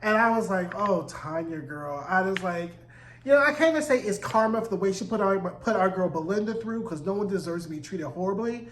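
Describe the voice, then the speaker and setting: A man's voice: sits high, quick pace, a bit bright, roomy sound, a little hiss or hum, low-quality recording. A man giving a casual recap of a TV episode, sassy and profane with chatty asides. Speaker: TV recap reviewer.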